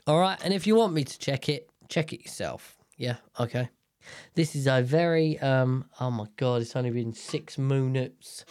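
Slow, rambling man swearing casually. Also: medium pitch, darkish tone, dry recording. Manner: rambling, swears a lot, self-interrupting. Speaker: solo podcaster. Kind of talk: casual monologue.

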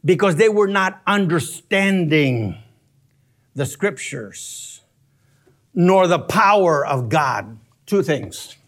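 A Bible teacher delivers an expository sermon from scripture, animated and chuckling as he walks through the grammar step by step. His voice sits on the high side and his pace is slow.

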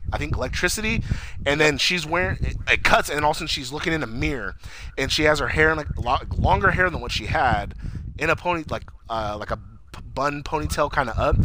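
A man in casual chat, excitedly retelling a TV episode, swearing and rambling. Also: medium pitch, noisy background.

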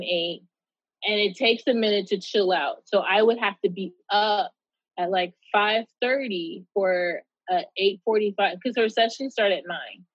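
A woman guest tells a story in a candid, animated way and swears without holding back. Her voice sits in a middle register. The recording is dry and a bit muffled, like a lo-fi call. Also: medium pitch, slightly rough, no room sound. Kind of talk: casual storytelling in an interview.

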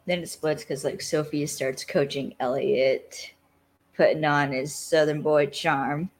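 A low-voiced woman with a husky, breathy tone talks through an episode's plot. She speaks slowly and drops in wry asides. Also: fairly even intonation, darkish tone. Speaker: podcast co-host. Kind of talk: casual recap chat.

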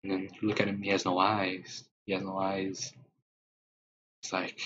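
A man's voice: sits low, monotone, normal speed, pauses often. A man improvising a rambling story in the second person, with many fillers, on a dull lo-fi recording with faint hiss.

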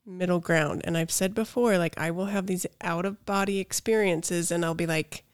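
A woman with a slightly low voice talking reflectively in a casual podcast chat, acting out her inner thoughts as quotes. The recording is dry and close. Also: fairly even intonation, normal speed, smooth, no echo.

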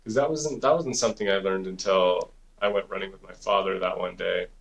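A man's voice: sits low, steady tone, brisk, gravelly, muffled recording. Rambling, profane male podcast storyteller. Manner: rambling, profane, heavy use of "like" and "dude". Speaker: podcast co-host. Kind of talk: casual storytelling.

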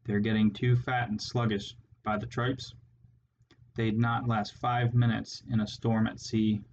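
A contemptuous rat warlord barks his commands with a cruel snarl, as a man reads him in a storybook. The voice sits low and moves little in pitch. The recording is dull and lo-fi, with faint noise behind it. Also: little pitch movement, a little slow. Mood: snarling, commanding. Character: harsh scarred male rat warlord.

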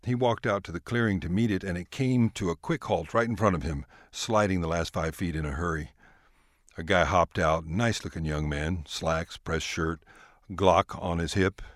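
A man tells a scripted tale in a relaxed, folksy way. His voice sits very low. The sound is close and dry, with no room around it. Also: moderate pace, no echo. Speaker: storyteller. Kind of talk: scripted storytelling narration.

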